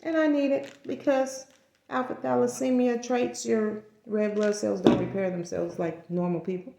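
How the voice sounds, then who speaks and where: A woman's voice: mid-range voice, fairly even intonation, moderate pace, creaky, background noise. Chatty woman vlogger in an echoey room. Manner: chatty and rambling, corrects herself, laughs at her own stumbles. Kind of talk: casual talking-head vlog.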